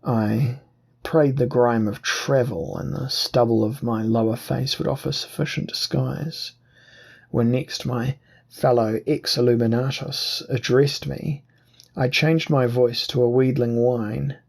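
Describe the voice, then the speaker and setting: A man narrating an audiobook in a measured, deliberate reading. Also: medium pitch, fairly even intonation, gravelly, a little mellow, slightly rough. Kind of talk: scripted narration.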